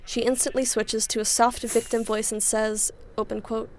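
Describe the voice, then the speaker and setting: A young woman reading reddit stories aloud in an expressive way, saying punctuation out loud and adding her own reactions. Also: a little high, moderate pace, few pauses, slight background noise. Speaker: reddit story reader.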